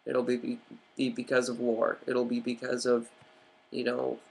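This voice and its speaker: A man rants to camera in a rambling, agitated way. He swears freely and fills his pauses with ums and uhs, and his voice sits at an ordinary middle pitch. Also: monotone, gravelly, darkish tone. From United States. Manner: agitated, profane, rambling with many fillers. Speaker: vlogger. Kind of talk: ranting vlog commentary.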